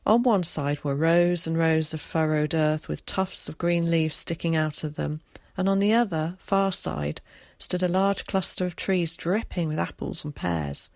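A woman narrating an audiobook chapter in a measured, expressive storytelling voice. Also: sits low, gravelly, dry recording. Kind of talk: scripted narration.

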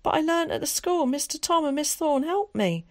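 A woman's voice: sits high, very animated, no room sound, clean studio sound, voice pushed up. A woman voicing an earnest young boy, an evacuee pleading with his mother in a storybook reading. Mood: anxious. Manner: earnest, pleading, quick to explain. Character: cheeky eager young London boy, evacuee.

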